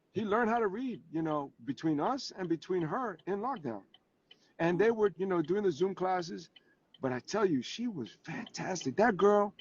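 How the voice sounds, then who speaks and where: Animated man talking from his car. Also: high voice, breathy edge. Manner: animated storyteller, acts out family scenes. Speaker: guest actor and advocate. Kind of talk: casual interview over video call. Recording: dull lo-fi call audio.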